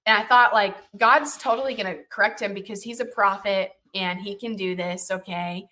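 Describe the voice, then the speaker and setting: A woman teaching from the Bible, retelling the story in a chatty, animated way, full of "you know" and "like" and checking in with "right?" and "okay?". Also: medium pitch, moderate pace, slight background noise. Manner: animated retelling with lively emphasis.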